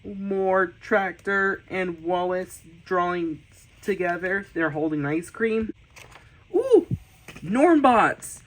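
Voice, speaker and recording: Guy flipping thru his sketchbooks, talks slow, keeps restarting, gets super excited, faint hiss behind. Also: high voice, rough recording. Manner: enthusiastic, repeats words and restarts, sudden excited squeals. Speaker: artist showing his sketchbooks. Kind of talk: casual sketchbook tour narration.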